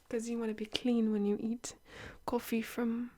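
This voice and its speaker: A young woman doing soft-spoken ASMR, often dropping into whispers on a close microphone. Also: on the high side, dry recording. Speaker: ASMR creator.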